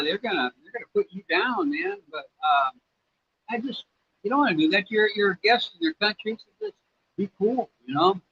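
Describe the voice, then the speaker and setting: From his home in Cambodia, a man from the United States hosts a relaxed livestream, meandering through viewer questions with plenty of fillers. His voice is fairly high and slightly rough, and the audio is a little dull with faint noise behind it.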